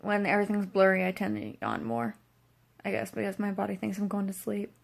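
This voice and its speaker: A young woman vlogging from home, talking to camera in a tired, halting way with lots of fillers and yawns. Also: mid-range voice, creaky. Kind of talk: casual vlog talk to camera.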